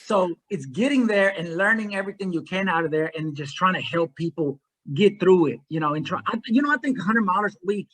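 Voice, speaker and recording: A man in his forties, an ultrarunner guest, telling his story in a rambling, energetic way. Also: high-pitched, fairly quick, few pauses, rough recording. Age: 40s. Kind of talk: casual interview conversation.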